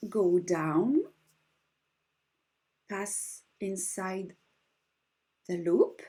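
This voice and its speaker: Gentle and patient, an embroidery teacher with a French accent explains a stitch step by step in slightly broken, second-language English. Her medium-pitched voice is expressive and slightly rough, and she speaks very slowly throughout the demonstration.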